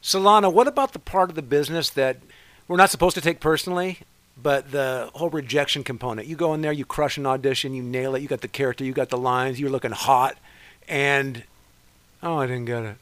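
A man's voice: medium pitch, fairly even intonation, a little fast, a bit bright, no room sound. A man hosting a podcast interview, eager and enthusiastic as he asks questions. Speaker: podcast host.

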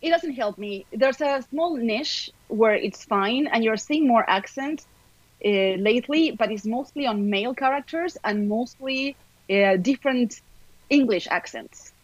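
A middle-aged actress, chatting in an upbeat way as a podcast guest, talking fast in bursts. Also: female voice, a little high, expressive, no echo, muffled recording. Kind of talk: casual podcast chat.

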